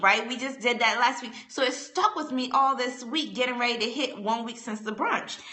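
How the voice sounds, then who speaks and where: Bright, energetic woman giving a motivational talk. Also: fairly high pitch. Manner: energetic, emphatic, repeats phrases for effect. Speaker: motivational host. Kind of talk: live-stream motivational talk. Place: home live stream.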